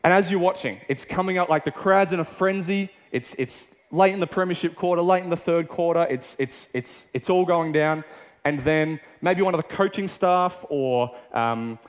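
Young Australian man, chatty preacher with a slightly high voice; long reverb from the hall. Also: normal speed. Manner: casual and chatty, with many fillers and restarts. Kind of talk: sermon.

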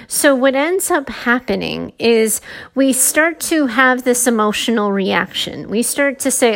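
A woman's voice: a little high, animated, moderate pace, vocal fry. Chatty, candid woman podcast host. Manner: candid, chatty, many fillers. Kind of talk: casual advice talk.

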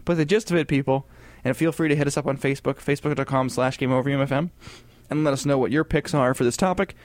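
A man co-hosting a casual gaming podcast, talking in a chatty, rambling way with animated asides. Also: medium pitch, quick pace, no echo. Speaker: podcast co-host.

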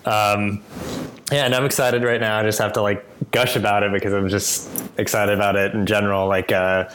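Male podcast host, casual and rambling, low-ish voice, faint noise behind. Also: level tone, fairly quick, fairly bright tone. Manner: rambling, lots of fillers. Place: his office.

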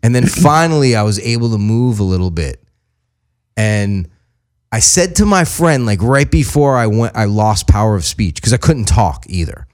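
Animated, profane man telling stories. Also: on the low side, normal speed. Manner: animated, profane, acts out quotes in voices. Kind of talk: casual storytelling chat.

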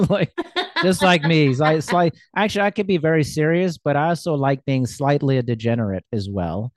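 A man's voice: on the high side, moderate pace, dry recording, clean studio sound. A man hosting a casual interview, chatty and self-deprecating, with lots of fillers. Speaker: podcast host.

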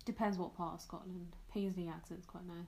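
A woman's voice: fairly low pitch, flat delivery, fairly quick, mellow. A young English woman co-hosting a casual chat, chiming in with short replies. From England. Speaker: podcast co-host.

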